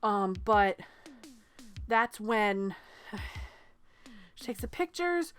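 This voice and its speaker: A woman from New England in her thirties, co-hosting a casual movie podcast and telling stories with lively acted-out quotes and casual swearing. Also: mid-range voice, drawn-out words, soft background music. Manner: animated storyteller, swears freely, acts out quotes. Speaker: podcast co-host. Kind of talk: casual chat about movies.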